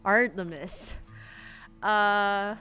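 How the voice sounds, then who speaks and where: Slow, smooth-voiced woman streamer. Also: medium pitch, sharp tone, soft background music. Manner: rambling, chatty, giggly. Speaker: comic artist streaming her drawing. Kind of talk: casual livestream commentary.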